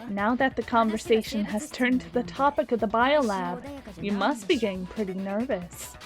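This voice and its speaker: A woman voicing a calm, cool-headed young female detective in a game, speaking low, quiet and measured. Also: over music, lightly acted.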